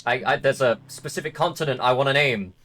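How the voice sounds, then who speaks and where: A man's voice: medium pitch, quick pace, a bit bright. Young male streamer, joking, crude, easygoing; light music bed behind him. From Britain. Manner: joking, profane, rambling. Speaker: stream host. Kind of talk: casual chat.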